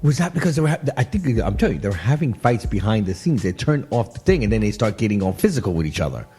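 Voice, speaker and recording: Lively laughing man hosting talk radio. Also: on the low side, quick pace, faint music behind. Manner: animated, laughing, repeats himself. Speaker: radio host. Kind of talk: casual commentary on clips.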